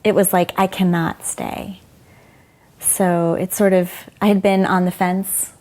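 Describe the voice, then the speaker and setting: A woman's voice: on the low side, little pitch movement, a little slow, a little mellow. A middle-aged woman, a former doctor, telling frank, emotional stories in an interview and quoting people as she goes. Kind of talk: candid conversational storytelling.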